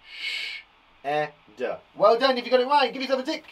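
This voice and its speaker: A man from England leading a live phonics lesson for young children, sounding out words slowly with a blocked nose and an encouraging manner. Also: very high voice, sing-song, a bit bright. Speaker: primary school teacher.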